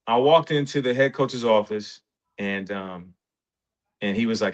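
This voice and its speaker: A man in his forties, a guest in an interview, telling stories in a casual, animated way and acting out what others said. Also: unhurried, long pauses. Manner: animated, rises in pitch when excited, quotes others in dialogue. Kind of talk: casual storytelling. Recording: dull lo-fi sound.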